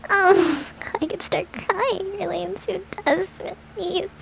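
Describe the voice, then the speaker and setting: Woman, high voice, still has her morning rasp; breathy, halting solo audio. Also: heavy background noise. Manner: halting, breathy, with frequent sighs and soft laughs. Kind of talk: intimate solo audio recording.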